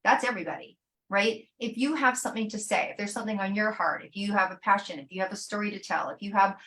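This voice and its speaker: A woman's voice: medium pitch, fast talker, a bit bright, a little hiss or hum. Effusive woman summit host. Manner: effusive, with many fillers. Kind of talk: hosting an online summit.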